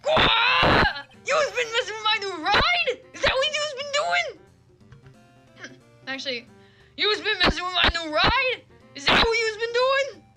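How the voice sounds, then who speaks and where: A woman voicing a hot-tempered young male biker punk, shouting in strained tough-guy slang. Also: extremely high pitch, expressive, a little slow, music in the background, voice pushed up. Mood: angry.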